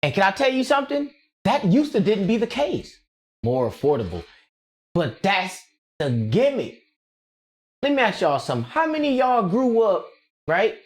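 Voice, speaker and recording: A male streamer rambles through a casual livestream rant, jumping between thoughts and reacting to his chat. His voice sits a touch on the high side, and his loose, slangy delivery is full of quick laughs and energy. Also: huge pitch swings.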